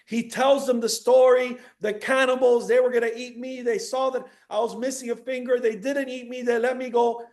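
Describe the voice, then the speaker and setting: A man from Miami giving a high-energy motivational talk to an audience, repeating key phrases and asking the crowd questions. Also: steady tone, moderate pace, few pauses, a little mellow. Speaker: motivational speaker.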